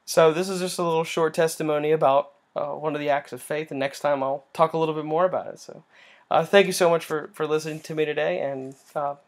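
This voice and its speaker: A young man getting over a cold, giving an earnest, halting personal faith testimony with many restarts. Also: fairly high pitch, steady tone. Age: young adult.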